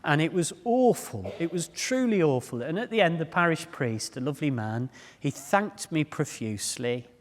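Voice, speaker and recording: Man, public speaker, animated self-deprecating storyteller, long hall reverb. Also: a little high, moderate pace, hardly any pauses, a little hiss or hum. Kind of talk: humorous storytelling talk. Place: large hall before a live audience.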